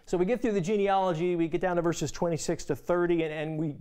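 A male pastor preaching a sermon in a conversational way, often repeating words as he starts a phrase and dropping to a soft, quiet voice for emphasis. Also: high voice, fairly even intonation, fast talker, clean tone.

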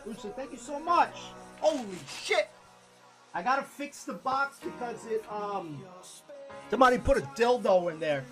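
Excitable swearing male streamer. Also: very high-pitched, moderate pace, faint music behind. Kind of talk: live gaming stream chat.

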